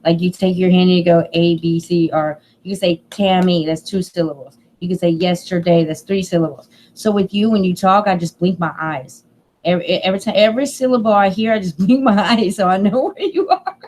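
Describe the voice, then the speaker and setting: A woman's voice: on the low side, brisk, darkish tone. Emotional, rambling woman streamer. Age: middle-aged. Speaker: channel host. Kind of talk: casual live-stream chat.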